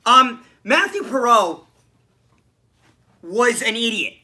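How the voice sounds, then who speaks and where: A man hosts a solo sports podcast and vents over a bad loss, sarcastic and full of swearing. His voice has a very bright, piercing edge. He sounds a touch hoarse from screaming. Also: very high voice, slow pace. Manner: animated, swearing, frustrated, sarcastic. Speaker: podcast host. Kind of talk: solo sports reaction rant.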